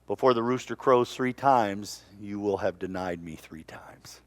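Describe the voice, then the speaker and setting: A man preaching voices Jesus in a soft, low whisper, foretelling Peter's denial. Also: slow pace, clean tone, no room sound, natural voice. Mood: gentle warning. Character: Jesus, a calm grown man foretelling betrayal.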